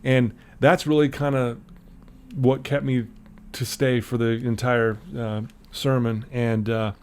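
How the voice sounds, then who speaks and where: A man's voice: medium pitch, a little slow, clean tone. A middle-aged man, a podcast guest, telling a personal story in a casual interview and acting out the voices of the people in it. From Utah, USA. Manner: animated storyteller, acts out quoted voices.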